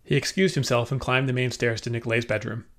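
A man narrating an audiobook with steady storytelling. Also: mid-range voice, fast.

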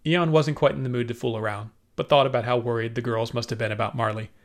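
Man narrating an audiobook, mid-pitched. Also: fast talker. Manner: steady storytelling.

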